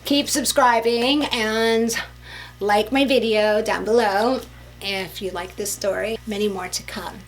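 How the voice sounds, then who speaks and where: A young woman tells a storytime vlog in an emphatic, chatty way, full of fillers. Her pitch sits in a middle range. A faint hum runs under her voice. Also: steady tone, normal speed, rough recording. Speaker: vlogger telling a story.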